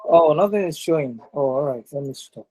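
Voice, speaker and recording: A man's voice: a little high, animated, brisk, dark tone, low-quality recording. An instructor running a live online exam-prep session, a man speaking over a video call. He circles back to repeat his key points. He keeps checking in with his listeners with "right?".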